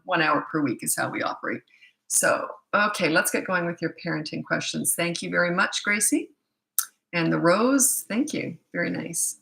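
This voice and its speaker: A woman in her sixties from Canada talks casually on a live stream, wandering between viewer comments with fillers and quick self-corrections. Her voice is bright and forceful and sits a little low. The room around her is echoey. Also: gravelly. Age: 60s. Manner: chatty, rambling, with frequent fillers and self-corrections. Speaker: parenting coach hosting a live stream.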